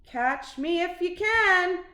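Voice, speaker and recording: Brief: woman putting on a bright-voiced playful storybook dog, high and slow, roomy echo. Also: sing-song, slight background noise, exaggerated voice. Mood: eager. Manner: eager and cheeky. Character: playful, curious male dog.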